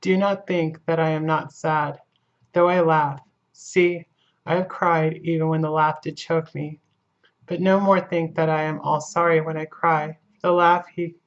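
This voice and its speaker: A woman's voice: low-pitched, little pitch movement, slow. Van Helsing, a woman reading an old Dutch professor. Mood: earnest, mournful. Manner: earnest, broken English, lyrical monologue. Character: older Dutch male professor, grieving and philosophical. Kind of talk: audiobook reading. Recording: dull lo-fi recording.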